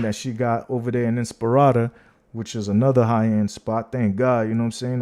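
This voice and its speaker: A man in a casual livestream, taunting and teasing his viewers. His delivery is brash and full of slang, and he keeps calling people out directly. His voice sits at a middling pitch for a man. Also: dark tone. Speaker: livestream host.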